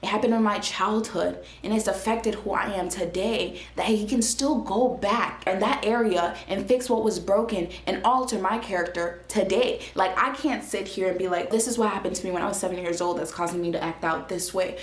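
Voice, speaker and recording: A young woman giving a casual, earnest faith testimony as a vlogger, animated and chatty with many restarts. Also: mid-range voice, normal speed, few pauses. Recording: roomy echo.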